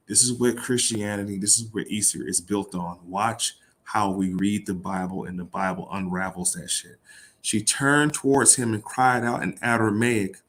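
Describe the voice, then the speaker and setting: A man reading a Bible passage aloud and riffing on it in casual, irreverent talk, swearing and laughing. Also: on the low side. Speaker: host.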